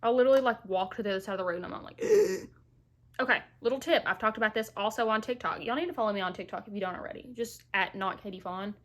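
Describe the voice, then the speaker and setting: A woman's voice: medium pitch, very fast, hardly any pauses. A young woman vlogger chatting casually through a makeup tutorial at home, playful and full of asides, a little short of breath while she recovers from illness. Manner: chatty, playful asides, Southern-style "y'all". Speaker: beauty vlogger.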